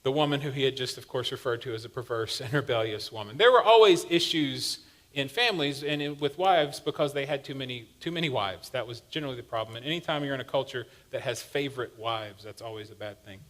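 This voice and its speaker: A man's voice: medium pitch, fast, fairly bright tone. A male pastor giving a sermon in a church, telling a story in a conversational, humorous way. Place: church sanctuary.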